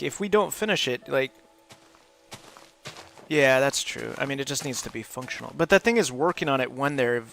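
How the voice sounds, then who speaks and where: A man's voice: mid-range voice, creaky, a bit bright. A man chatting casually while he hosts a game livestream, rambling and laughing often. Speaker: livestream host, English teacher. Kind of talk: casual chat while gaming.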